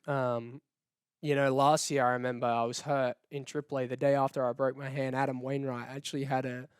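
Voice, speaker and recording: A young Australian man in his twenties, a guest talking casually in an interview, relaxed and laughing easily. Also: medium pitch, brisk, clean tone, no room sound, clean studio sound. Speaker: guest, baseball player.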